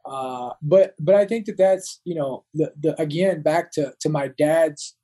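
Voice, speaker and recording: Halting man with a mellow voice. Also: fairly high pitch, low-quality recording. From United States. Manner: halting, many restarts and repeated words. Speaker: guest, Marine veteran. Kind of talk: casual interview talk.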